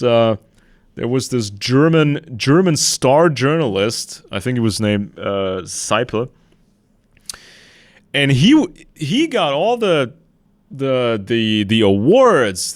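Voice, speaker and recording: A man's voice: medium pitch, no room sound. Man talking politics, dry close sound. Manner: conversational, retells a debate with quotes and asides. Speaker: podcast host. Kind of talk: casual political commentary.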